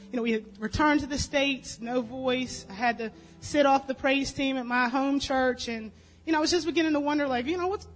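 A woman's voice: sits high, rough recording. A woman giving a personal testimony at a church service, telling her story casually with lots of fillers. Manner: chatty, storytelling, many fillers.

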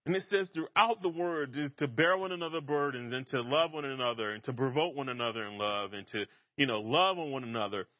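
Guy preaching a laid-back sermon, jokes around, flat dry muffled audio. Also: mid-range voice, fairly quick, few pauses, dry recording. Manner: casual and self-deprecating, laughs at himself. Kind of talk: conversational sermon.

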